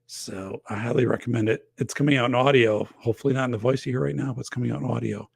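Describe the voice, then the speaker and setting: A man's voice: medium pitch, steady tone, quick pace, gravelly, slightly rough, no room sound. A man in his forties or older hosting a casual livestream from his home office, rambling with lots of fillers and losing his voice. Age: 40s or older. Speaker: podcast host.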